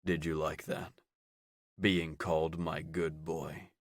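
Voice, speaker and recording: A man voicing a protective, possessive werewolf man who speaks low, hushed and soothing in an audiobook. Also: level tone, slow, dry recording, clean studio sound, heavily acted. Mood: tender.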